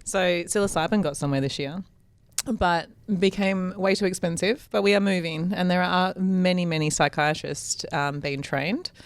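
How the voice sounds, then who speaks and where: A woman's voice: fairly low pitch, moderate pace. A woman with an Australian accent, chatting in an upbeat way on a podcast. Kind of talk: casual podcast chat.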